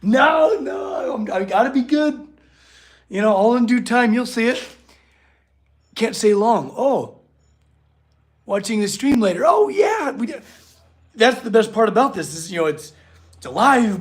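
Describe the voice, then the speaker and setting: Chatty high-voiced man in a workshop. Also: lively intonation, moderate pace, pauses often. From California. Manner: chatty, loose, talks to viewers and his dogs. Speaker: blacksmith streamer. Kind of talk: casual livestream chat. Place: metal workshop, indoors.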